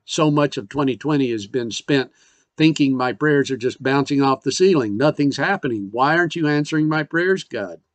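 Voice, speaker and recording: A man's voice: medium pitch, normal speed, dry recording. A man preaching a sermon as a missionary, earnestly paraphrasing scripture with rising and falling emphasis.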